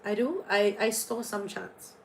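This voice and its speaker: A woman's voice: medium pitch, unhurried, slight background noise, poor audio. A woman hosting a casual astrology and tarot livestream, chatty and playful, jumping between viewer comments.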